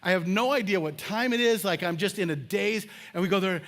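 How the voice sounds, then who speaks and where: A man preaching a sermon in a church, telling personal stories with lively acted-out moments. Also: high voice, brisk, hardly any pauses. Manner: animated storytelling, acts out scenes with shouts and laughs. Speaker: pastor. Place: church sanctuary.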